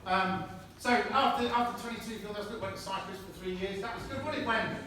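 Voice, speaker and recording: Man, high voice, halting anecdotal farewell speech, distant phone recording, very echoey hall, noisy room. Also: bright, forceful tone. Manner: halting and anecdotal, with frequent restarts and chuckles. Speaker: retiring army medic giving a farewell speech. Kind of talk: informal farewell speech to friends. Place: indoor gathering in a historic hall at night. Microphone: friend's phone held at a distance. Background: room ambience of a gathering.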